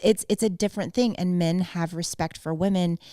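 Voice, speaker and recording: A woman's voice: on the low side, steady tone, moderate pace, dark tone, no room sound, clean studio sound. A woman in her forties hosting a podcast in casual chat, blunt and emphatic, with frequent swearing. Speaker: podcast host.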